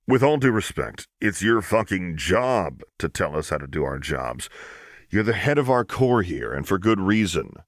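A man's voice: sits low, big pitch swings, moderate pace, dry recording, clean studio sound, exaggerated voice. Man voicing a blunt, exasperated second-in-command. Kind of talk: audiobook reading of fan fiction.

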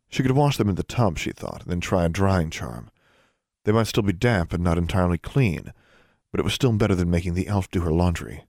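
Deep-voiced male audiobook narrator. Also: no echo, studio quality. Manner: steady, measured storytelling.

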